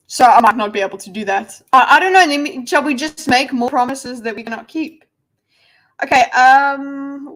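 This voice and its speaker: A woman's voice: a little high, fairly bright tone, low-quality recording. Rambling woman livestreaming. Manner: rambling, giggly, self-deprecating. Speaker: livestream host. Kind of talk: casual livestream chat.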